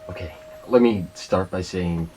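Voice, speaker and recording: A man playing a nervous, halting suitor making a proposal. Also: sits low, warm tone, far from the mic, pitched below the performer's own voice, rough recording.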